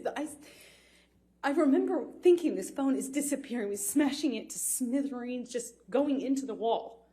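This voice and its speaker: A woman giving courtroom testimony from a witness stand, speaking haltingly with many fillers and restarts. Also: sits high, expressive, warm tone, breathy edge.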